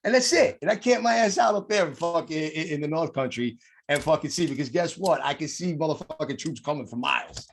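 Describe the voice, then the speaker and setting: Profane, animated man telling stories. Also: fairly high pitch, a little fast, gravelly. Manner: profane, animated storyteller acting out others. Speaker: podcast guest. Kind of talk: casual chat.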